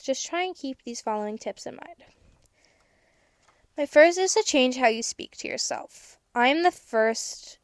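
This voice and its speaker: A teenage girl hosting a podcast, giving candid, chatty advice with casual swearing and bursts of excitement. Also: a little high, no room sound, studio quality. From United States. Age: teens. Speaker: podcast host.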